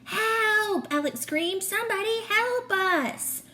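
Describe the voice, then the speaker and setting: A woman's voice: very high-pitched, lively intonation, slow pace, pushed and bright, slight background noise, voice pushed up, exaggerated voice. A woman reading aloud as an earnest young girl, one of twins, a little defensive. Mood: panicked. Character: determined young girl, twin sister.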